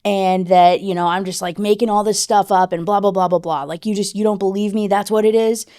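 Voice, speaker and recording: A woman's voice: mid-range voice, fairly even intonation, dark tone, no echo, clean studio sound, natural voice. A woman voicing a distraught young woman who fires off emotional, defensive accusations while retelling a book. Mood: indignant. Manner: emotional, rapid-fire accusations.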